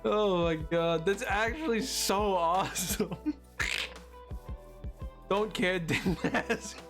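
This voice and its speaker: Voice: mid-range voice, extremely slow, soft background music. A streamer on a live gaming stream, loopy and giddy, laughing hard through nearly every sentence.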